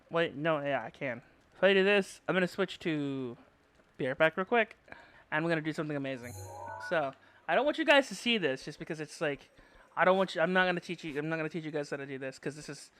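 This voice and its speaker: A young man streaming a game live and bantering loudly with his chat, excitable and quick to yell. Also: high-pitched. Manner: excitable, yelling at chat, quick mood swings. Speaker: VTuber streamer.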